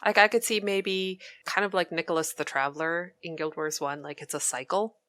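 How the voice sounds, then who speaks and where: A woman co-hosting a gaming podcast, animated and quick to laugh and react. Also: fairly low pitch, a little hiss or hum. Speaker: podcast co-host. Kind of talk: casual gaming podcast chat.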